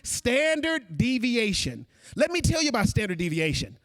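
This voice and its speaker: At a normal pace and in a very high voice, the man gives an animated conference keynote, turning to the audience and calling them folks. No room sound can be heard.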